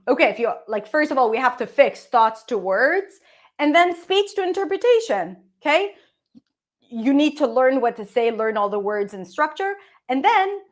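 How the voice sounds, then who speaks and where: A woman with an Israeli accent, a native Hebrew speaker, teaching English pronunciation and fluency and checking in often with "okay?" and "right?". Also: fairly high pitch. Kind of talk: teaching presentation.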